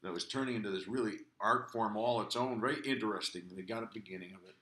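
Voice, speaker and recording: A man's voice: on the low side, fast, sharp tone. An older man, a guest comedian, chatting casually and making emphatic points. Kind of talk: casual chat. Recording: roomy echo.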